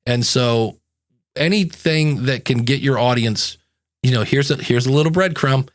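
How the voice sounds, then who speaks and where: A man's voice: medium pitch, a little slow. A man hosting a podcast, chatting casually and telling a rambling story, acting out little asides as he goes. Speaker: podcast coach and host. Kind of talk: casual chat.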